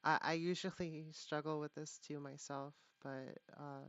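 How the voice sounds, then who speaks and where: A woman giving a live tarot reading, talking in a halting way with many fillers and restarts. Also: low-pitched, fairly even intonation, a bit bright. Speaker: tarot reader. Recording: dull lo-fi, dry sound.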